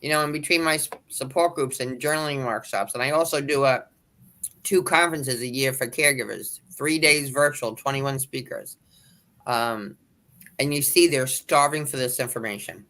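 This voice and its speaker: A man who leads caregiver support groups, speaking on an online panel and telling lively stories. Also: mid-range voice, moderate pace. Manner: animated anecdotes with acted quotes. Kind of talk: panel discussion storytelling. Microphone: video call.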